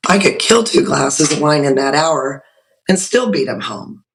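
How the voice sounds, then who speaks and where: A woman's voice: low-pitched, a little slow, slight background noise, rough recording. Chatty woman guest telling her story. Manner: chatty, lively storyteller with many restarts. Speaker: podcast guest. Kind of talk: personal story told in conversation. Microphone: video call.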